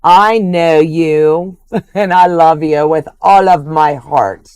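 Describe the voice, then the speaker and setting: Slow-talking gushing older woman. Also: sits low, darkish tone, clear, resonant tone, no room sound. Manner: gushing and affectionate. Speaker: quilting livestream host. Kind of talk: casual livestream chat, reading out viewer comments.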